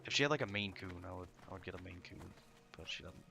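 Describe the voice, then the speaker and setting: Low, gravelly man rambling through a stream. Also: quick pace, bright, forceful tone. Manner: rambling, self-mocking, swears freely. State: sleepy. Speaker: game streamer. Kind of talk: casual live-stream commentary. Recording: game music playing underneath. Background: game music.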